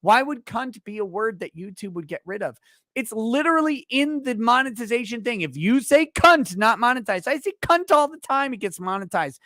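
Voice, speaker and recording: A man hosting a casual livestream, reading viewer donations aloud in a loud, profane, ranting way that swings between shouting and muttering, a little tipsy. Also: extremely high pitch, lively intonation, moderate pace, no room sound, clean studio sound.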